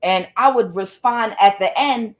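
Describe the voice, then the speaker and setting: A woman's voice: mid-range voice, measured pace. A woman tarot reader in a casual monologue who tells her story bluntly, swears freely and repeats words for emphasis.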